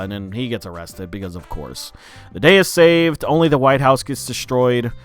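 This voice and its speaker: Dude rambling through a movie review, swears a lot, says like and uh constantly, smooth clear voice, faint music under it. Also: male voice, mid-range voice, lively intonation, normal speed, fairly bright tone. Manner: loose and profane, lots of "like" and "uh" fillers. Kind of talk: casual spoken film review.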